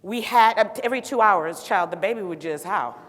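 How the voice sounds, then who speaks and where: A woman's voice: mid-range voice, fairly quick, very noisy. Sassy woman speaking in a big hall. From Zimbabwe. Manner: sassy, animated asides to the audience. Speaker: physician and city health director speaking on stage. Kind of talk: storytelling public talk. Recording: long reverb of a large hall.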